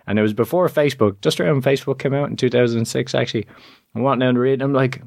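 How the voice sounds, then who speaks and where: A man's voice: rapid-fire, vocal fry, dry recording, clean studio sound. An Irish man from Ireland, a guest in an interview, telling his travel and life stories in a chatty way, his voice leaping up when he quotes himself. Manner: animated, jumps to high pitch when quoting himself. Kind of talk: conversational storytelling interview.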